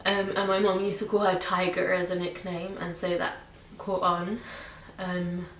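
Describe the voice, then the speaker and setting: Young woman vlogger from Britain or Ireland, lowish even voice, rambling and chatty, in an echoey room with a faint hiss. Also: measured pace. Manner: chatty, many ums and likes. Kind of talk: casual pet tag video.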